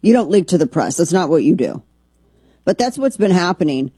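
A woman's voice: lowish voice, sing-song, fairly quick, dark tone, slightly rough, no echo. A woman hosting a political talk radio show, blunt, sarcastic and combative in her opinions.

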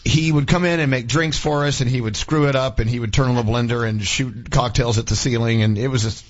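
Husky-voiced male radio host, chatty. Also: mid-range voice, steady tone, a little fast, muffled recording. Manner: chatty, laughing, storytelling. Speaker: radio morning show host. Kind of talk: casual radio talk.

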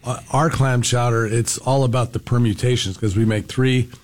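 A man, a restaurant owner, talking as a guest on a radio show in a relaxed, explanatory way. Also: mid-range voice, normal speed. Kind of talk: casual radio interview.

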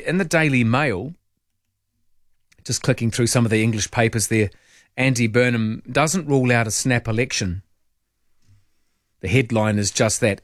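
A man hosts talkback radio from the studio, talking in a relaxed, musing way as he reads out listener messages. His voice sits at an ordinary middle pitch. The mic sound is close and dry with no room echo. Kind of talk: late-night talkback radio chat. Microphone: studio microphone.

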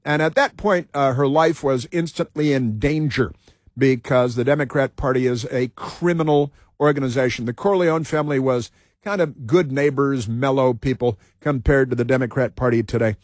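A man's voice: mid-range voice, normal speed, a little mellow, no echo, clean studio sound. A male talk radio host giving combative commentary, repeating phrases for emphasis.

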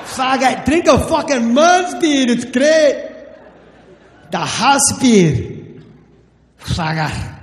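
A man doing a drunk, rude bartender with a loud, crude, insulting manner. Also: very high voice, animated, very slow, long pauses, reverberant, in a large hall, voice pushed up, exaggerated voice. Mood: drunk scornful.

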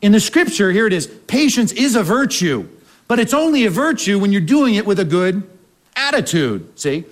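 A man with a high voice preaches a sermon to his congregation. He talks in a conversational way and keeps asking rhetorical questions. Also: big pitch swings, normal speed. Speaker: pastor.

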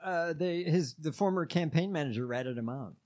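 A man's voice: a little high, normal speed, darkish tone. A man co-hosting a podcast, introducing clips in casual chat with many hesitations. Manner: hesitant, full of fillers. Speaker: podcast co-host.

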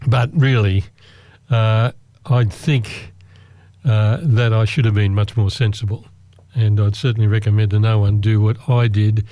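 A man's voice: lowish voice, dark tone, dry recording. A man telling a true personal anecdote in a self-deprecating, wry way, rambling a little with restarts. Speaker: storyteller. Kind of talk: personal anecdote told to listeners.

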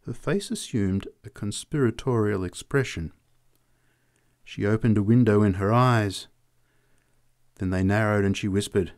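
A man's voice: lowish voice, moderate pace. A man narrating a story in the first person as an audiobook reader. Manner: lively, expressive reading.

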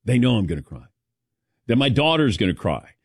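A man's voice: medium pitch, a little fast, breathy edge, dry recording, studio quality. A man hosting a casual radio talk show, calling on his co-hosts and acting out quoted voices. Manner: animated, acts out quoted voices. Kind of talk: casual studio chat.

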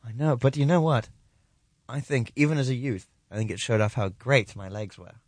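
A man co-hosting a comedic call-in show, with deadpan, mock-formal banter. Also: medium pitch, normal speed, no echo.

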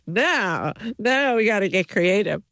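Lively jokey interview host. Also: medium pitch, a little slow, no room sound, clean studio sound. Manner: lively, jokey, self-deprecating. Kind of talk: conversational interview.

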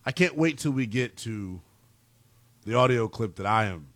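A man co-hosting a sports talk show, incredulous and animated, firing off rhetorical questions that climb into shouts. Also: mid-range voice, normal speed, no room sound. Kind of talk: sports talk radio banter.

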